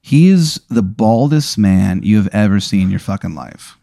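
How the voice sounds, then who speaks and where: A man narrates an improvised tabletop game as game master, rambling through fillers. His voice is low and mellow, and the sound is dry and close. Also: expressive, moderate pace, vocal fry, no room sound. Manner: laid-back, rambling, lots of fillers.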